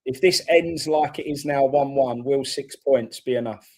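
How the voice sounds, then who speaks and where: Man, football watchalong host, blunt casual chat, loud reactions to play. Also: mid-range voice, normal speed. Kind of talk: casual live match reaction.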